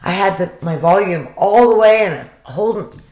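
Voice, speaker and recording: A woman's voice: medium pitch, expressive, moderate pace, a little mellow. A woman giving casual commentary from home, chatty and emotional, now and then swearing. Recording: echoey room.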